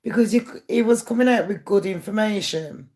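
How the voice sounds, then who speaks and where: A woman's voice: medium pitch, a little fast, a little mellow. A woman talking straight to her viewers in a candid, aggrieved monologue. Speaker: YouTuber. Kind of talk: casual monologue to camera.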